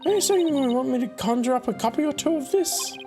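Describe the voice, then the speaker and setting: A woman's voice: sits high, expressive, quick pace, mellow, soft background music, pitched above the performer's own voice. A woman voicing a bubbly teenage girl stage magician in a sing-song, theatrical way. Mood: playful.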